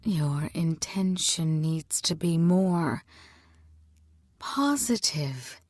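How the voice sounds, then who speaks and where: A woman reading a storybook and voicing a calm, steady female healer who teaches in a low, quiet voice. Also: slow, no room sound, clean studio sound.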